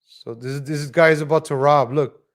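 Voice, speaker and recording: A man's voice: on the high side, fairly even intonation, moderate pace. A man hosting a live stream, commenting on viral videos in a blunt, profane, ranting way. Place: lives in Texas.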